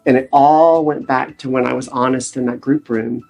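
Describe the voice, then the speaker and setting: A man speaking as a guest on a recovery podcast, sharing his experience in an earnest, animated storytelling manner. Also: medium pitch, normal speed, gravelly, muffled recording, faint music behind. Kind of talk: casual podcast interview.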